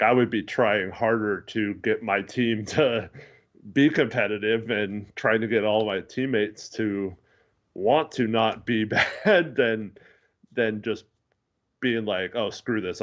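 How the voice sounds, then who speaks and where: A man's voice: on the low side, a little slow, highs cut off. A man co-hosting a casual postgame basketball chat over a video call, rambling with lots of fillers. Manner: rambling, many fillers, laughs often. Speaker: podcast co-host.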